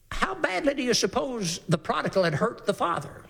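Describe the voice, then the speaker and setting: A man preaching with great animation, his voice sitting very high and sounding bright and forceful. He slips into the characters of the story as he goes and reads scripture slowly and deliberately. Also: sing-song, vocal fry, slightly rough. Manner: reads scripture in slow King James cadence. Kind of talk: sermon.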